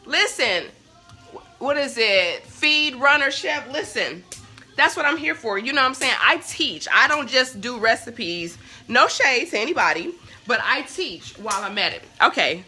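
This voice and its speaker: Chatty young woman, higher voice with a bright edge, livestreaming from her kitchen on a phone, bacon sizzling and faint music behind. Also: big pitch swings, moderate pace. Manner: chatty, talks straight to viewers, sidetracked easily. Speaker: cooking show host. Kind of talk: live-stream cooking chat. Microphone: phone on a stand.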